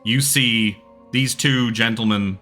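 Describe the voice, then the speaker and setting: A man's voice: medium pitch, fairly even intonation, takes it slowly, pushed and bright, soft background music. A man running a tabletop horror game as game master, narrating casually.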